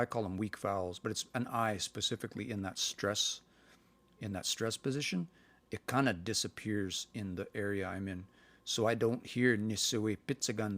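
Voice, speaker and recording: A man, teaching language in a relaxed, hesitant way with many fillers on a livestream. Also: fairly low pitch, no echo.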